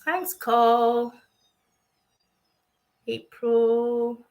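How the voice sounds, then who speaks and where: A woman's voice: a little high, completely flat delivery, drawn-out words, darkish tone, poor audio. An Australian woman, a psychic medium, chatting through a livestream reading for viewers with many fillers and a reassuring manner.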